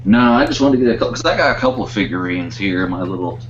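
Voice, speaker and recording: A man with a fairly low voice chats casually on a podcast, wandering off mid-thought, his pitch rising and falling a lot. The audio is dull and lo-fi, with a faint hum behind him. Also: lively intonation, racing. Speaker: podcast co-host. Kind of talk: casual chat.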